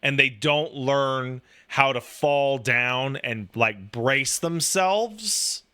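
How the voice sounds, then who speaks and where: Bright-voiced, animated, swearing man. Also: mid-range voice, extremely slow, clear, resonant tone. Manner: profane, animated storytelling with lots of "like". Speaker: podcast talker, new father. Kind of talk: casual chat.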